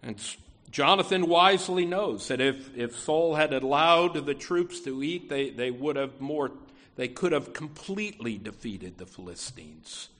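A man's voice: medium pitch, lively intonation, measured pace, a bit bright. A middle-aged man preaching a sermon, talking through scripture off the cuff with frequent restarts. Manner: unscripted delivery with fillers and restarts, quoting scripture.

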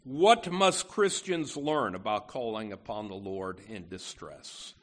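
A man's voice: on the low side, expressive, takes it slowly. A man preaching a sermon to his church, earnest and emphatic, often restarting phrases as he goes. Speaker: pastor.

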